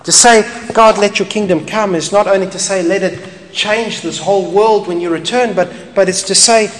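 A man preaching a sermon as pastor, animated and emphatic with playful asides. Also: high-pitched, moderate pace. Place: church hall. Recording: echoey hall, faint ambience.

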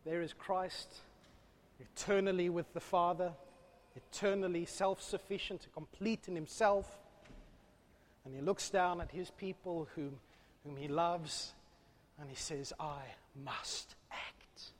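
A man preaching a sermon, swinging between loud, fervent calls and hushed, low asides. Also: steady tone, unhurried, long pauses. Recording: long hall reverb.

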